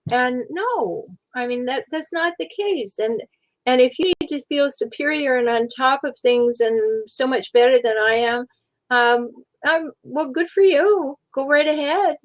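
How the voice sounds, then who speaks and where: A woman's voice: sits high, measured pace, no echo, muffled recording. A woman hosting a discussion in a chatty, wry manner, often laughing. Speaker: host. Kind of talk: casual discussion.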